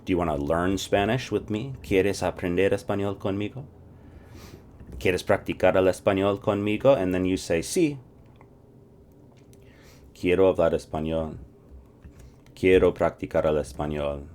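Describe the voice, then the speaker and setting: Deep-voiced man teaching in a relaxed drill. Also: normal speed. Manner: animated, drills phrases and asks viewers to repeat; clears throat often. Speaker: language teacher. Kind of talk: casual spoken lesson.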